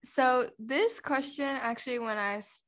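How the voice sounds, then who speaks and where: A woman's voice: sits high, unhurried, a bit bright. A woman podcast co-host chatting casually in an interview, acting out remarks she quotes.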